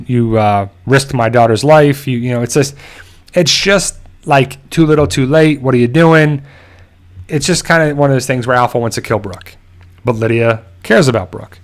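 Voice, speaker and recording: A man hosting a show, recapping episodes in a loose, casual way full of fillers. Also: medium pitch. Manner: loose, filler-heavy storytelling. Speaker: show host.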